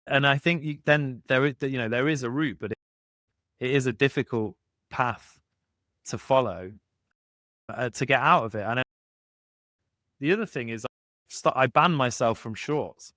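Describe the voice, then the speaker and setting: A man co-hosting a relaxed podcast chat, lively and expressive as he tells stories. He often breaks off and restarts his sentences mid-thought. His voice sits at a middle pitch, and the recording is dry and close. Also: moderate pace, pauses often, no room sound. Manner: animated, restarts sentences, acts out anecdotes. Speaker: podcast co-host. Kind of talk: casual conversation.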